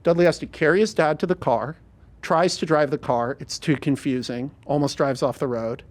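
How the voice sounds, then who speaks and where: A man hosting a podcast, telling a story in an animated, rapid, profane way. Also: fairly high pitch. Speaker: podcast host. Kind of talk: casual storytelling chat.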